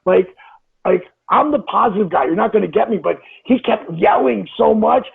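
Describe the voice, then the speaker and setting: A man in his fifties, an interview guest telling stories in a casual, animated way, acting out quotes and swearing freely. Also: sits high, moderate pace, vocal fry, breathy edge. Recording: tinny phone-line audio.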